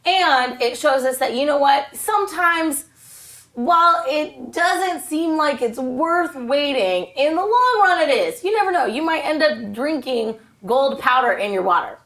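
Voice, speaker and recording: Brief: upbeat woman children's ministry teacher, fairly high voice, chatty and playful. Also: lively intonation, measured pace, a bit bright. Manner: bubbly, chatty, playful asides. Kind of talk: retelling a Bible story to kids.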